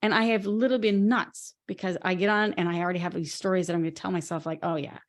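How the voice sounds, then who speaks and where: A woman co-hosting a podcast in relaxed conversation. Her voice sits a little low. She tells her stories in an animated way and laughs easily as she talks. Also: fast talker. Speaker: podcast co-host. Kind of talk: casual conversation.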